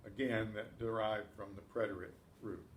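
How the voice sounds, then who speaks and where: A man's voice: fairly low pitch, fairly even intonation, moderate pace, a little hiss or hum. A man teaching an advanced Spanish class, patiently explaining grammar and reciting verb forms one by one in drills. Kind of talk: classroom lesson. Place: community class room. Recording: roomy echo, faint ambience.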